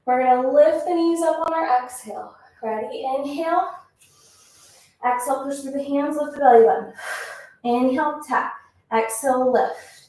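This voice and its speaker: A woman's voice: high voice, normal speed, pauses often, a little mellow. A woman teaching a pilates class, counting reps and giving encouraging cues, a little out of breath. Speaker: pilates instructor. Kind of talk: workout instruction. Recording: echoey room, mic at a distance.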